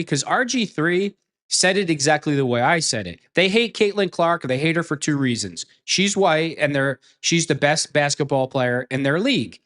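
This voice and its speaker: A man's voice: on the high side, fairly bright tone. A man giving a heated opinion rant as an online commentator, blunt and profane, repeating phrases for emphasis.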